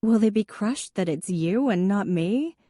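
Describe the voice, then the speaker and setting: A woman voicing a warm, direct younger sister who talks frankly and kindly. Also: medium pitch, lively intonation, measured pace, no echo, clean studio sound, pitched above the performer's own voice, lightly acted. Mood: friendly.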